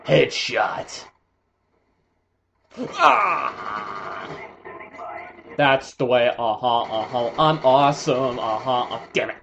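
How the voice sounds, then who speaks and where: A young man giving casual, excitable commentary while playing a shooter game, swearing and joking. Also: medium pitch, drawn-out words, gravelly, pauses often, muffled recording, slight background noise. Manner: excitable, swearing, jokey outbursts. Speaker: gaming commentator.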